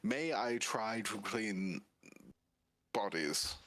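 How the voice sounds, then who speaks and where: A tabletop player on a voice call, hesitant, pausing often as they hunt for the right words. The sound is very dry, with no room around the voice, and the pitch sits in a mid range. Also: lively intonation, fairly bright tone, dry recording. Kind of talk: playing a tabletop game over voice chat.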